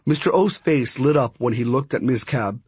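A man's voice: mid-range voice, moderate pace, darkish tone, slightly rough, no echo. A man narrating a first-person audiobook in an easygoing, conversational way.

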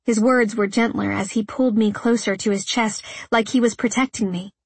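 A woman's voice: mid-range voice, fairly even intonation, normal speed, a little mellow, slightly rough, no room sound. A woman reading first-person audiobook narration in an earnest, emotional way, close to the mic.

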